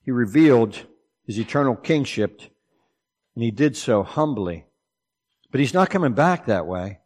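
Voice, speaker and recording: A man preaching a sermon, swinging between loud, emphatic declarations and low, hushed asides. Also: expressive, a little slow, long reverb tail.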